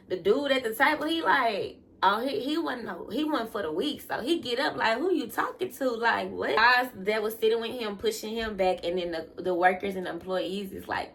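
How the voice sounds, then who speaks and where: A young woman, telling a personal story in a casual vlog, animated, laughing often and acting out quotes. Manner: animated, laughing, acts out quotes with big pitch jumps.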